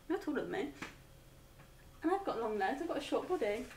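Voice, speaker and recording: A woman's voice: sits high, very animated, normal speed, darkish tone. A young woman chatting casually with a friend while doing her makeup, giggly, with the odd swear word. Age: young adult. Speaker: co-host. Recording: echoey room with faint noise.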